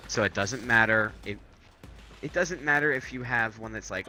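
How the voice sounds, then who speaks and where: A man co-hosting casual gaming commentary, joking crudely and rowdily with sudden loud outbursts. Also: medium pitch, lively intonation, brisk. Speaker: gaming co-host.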